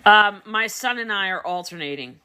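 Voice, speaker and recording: A woman's voice: mid-range voice, animated, moderate pace, pushed and bright, a little hiss or hum. A middle-aged woman breeder chatting casually on a livestream beside her puppies, explaining her methods and answering viewer comments. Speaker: dog breeder. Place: home, beside a whelping box.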